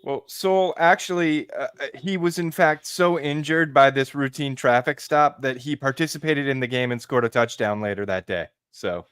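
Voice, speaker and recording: A man's voice: mid-range voice, normal speed, hardly any pauses, fairly bright tone, smooth, no room sound. A man in casual podcast chat, dry and sarcastic.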